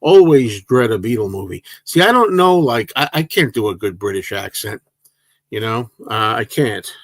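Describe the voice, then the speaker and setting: A man's voice: lowish voice, lively intonation, normal speed, no room sound. A man in his sixties hosting a livestream, answering viewers in a casual, rambling way with many hesitations and restarts. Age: 60s. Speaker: livestream host.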